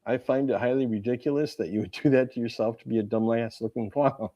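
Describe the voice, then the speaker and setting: A man's voice: mid-range voice, fairly even intonation, fast, warm tone, slight background noise. A man co-hosting a live comics stream, chatting casually with a playful, teasing, jokey manner. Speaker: podcast co-host. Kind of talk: casual chat.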